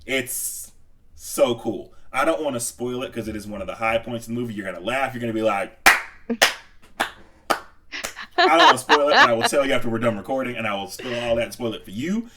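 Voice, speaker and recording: A man's voice: mid-range voice, fast talker, far from the mic, a little hiss or hum. A man co-hosting a casual movie podcast, telling stories with acted-out quotes and frequent laughter. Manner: animated storyteller, acts out quotes, laughs a lot. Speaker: podcast co-host. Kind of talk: casual movie review chat.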